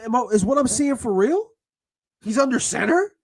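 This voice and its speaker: A man ranting angrily as a football fan, swearing and bursting into shouts between sarcastic retellings. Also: very high-pitched, big pitch swings, normal speed. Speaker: sports vlogger. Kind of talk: angry fan rant.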